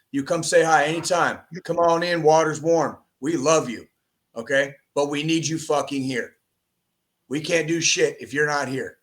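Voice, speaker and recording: A man's voice: fairly high pitch, fairly bright tone. A man hosting a podcast, giving a profane, impassioned pep talk and checking in with repeated "okay?" and "all right?". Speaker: podcast host.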